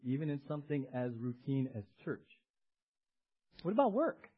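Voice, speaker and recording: A male pastor preaching a sermon in an animated way, calling on the congregation to repeat words after him. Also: mid-range voice, moderate pace, phone-quality sound.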